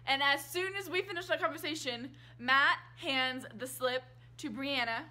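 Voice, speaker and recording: A young woman vlogger telling stories in casual chat from a hotel room, excitable and giggly, acting out what people said. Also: high voice, normal speed. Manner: excitable, giggly, acts out quotes.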